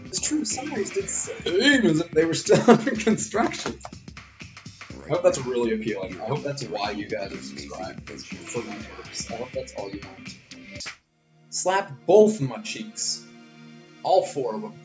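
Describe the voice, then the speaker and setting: A man's voice: mid-range voice, normal speed. A man giving jokey, crude live commentary while streaming a video game. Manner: jokey, crude, animated reactions. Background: game music.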